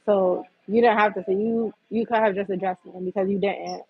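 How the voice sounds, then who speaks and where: A woman's voice: medium pitch, fairly even intonation, fairly quick, dull audio, background noise. A woman hosting a livestream, venting bluntly and profanely in a heated rant. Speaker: livestream host.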